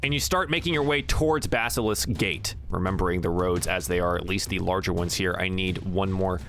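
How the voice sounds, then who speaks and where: A man narrating as game master in a relaxed, chatty way with frequent fillers. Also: sits low, a little fast, soft background music.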